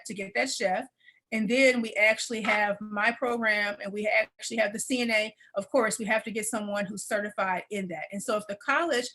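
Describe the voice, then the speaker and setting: A woman presenting an adult education program on a video call, teary and warm as she repeats phrases and laughs. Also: medium pitch, low-quality recording. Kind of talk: webinar presentation.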